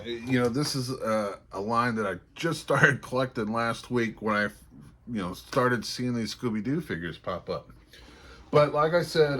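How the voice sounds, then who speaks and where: A Texan man in his forties with a lowish voice, talking casually as a toy-collecting vlogger. He rambles, breaks off mid-thought and leans on fillers as he goes. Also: fairly bright tone. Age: 40s. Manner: rambling, many fillers and restarts. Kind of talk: casual chat to camera.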